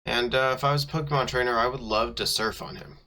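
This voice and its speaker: A man's voice: mid-range voice, fairly even intonation, quick pace, bright, forceful tone, slight background noise. A young man co-hosting a casual chat, easygoing and using laid-back slang. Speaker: co-host.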